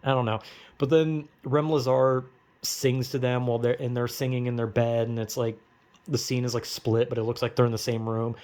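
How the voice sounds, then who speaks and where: A man's voice: medium pitch, little pitch movement, moderate pace, a little mellow. A young man rambling through a movie recap from memory, profane and full of fillers. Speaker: vlogger.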